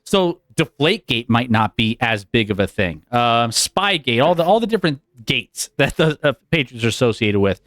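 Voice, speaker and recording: A man's voice: medium pitch, sing-song, moderate pace, few pauses, a bit bright, no room sound, studio quality. A man co-hosting a sports talk show, thinking aloud in a tentative, meandering way. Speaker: sports podcast co-host. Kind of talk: casual sports debate.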